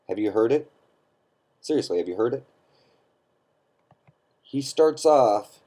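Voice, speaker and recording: A man delivers a scornful opinion rant straight to camera. His voice sits on the low side and has a dark, mellow tone. He presses his points hard and keeps checking in with his listeners. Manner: emphatic, scornful, keeps asking "okay?". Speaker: online commentator.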